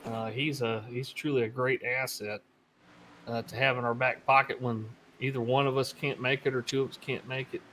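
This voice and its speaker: A man's voice: mid-range voice, little pitch movement, normal speed, bright, forceful tone, slight background noise. A man commentating a sim race, chatting earnestly with co-hosts and reading viewer comments. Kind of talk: casual booth banter and race calls.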